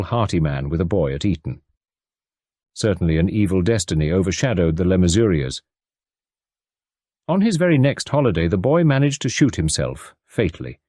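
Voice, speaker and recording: A male audiobook narrator tells a period detective story in a measured, expressive way. His voice sits low but moves widely through the lines. The recording is dry and close. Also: no room sound. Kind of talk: scripted narration.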